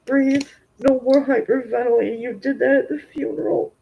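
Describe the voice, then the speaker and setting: A woman's voice: sits high, fairly even intonation, moderate pace, gravelly, dull audio, a little hiss or hum. A woman tarot reader on a live stream, talking straight to her viewers and tearful with grief. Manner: emotional, talks directly to viewers. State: tearful, grieving.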